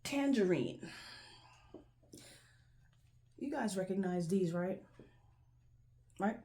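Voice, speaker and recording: A woman's voice: fairly low pitch, animated, unhurried, warm tone. A woman hosting her own video, talking casually to the camera as she shows things, often repeating herself and checking in with "right?". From Jamaica. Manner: chatty, repetitive, keeps asking "right?". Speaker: video host. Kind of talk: casual show-and-tell talk to camera.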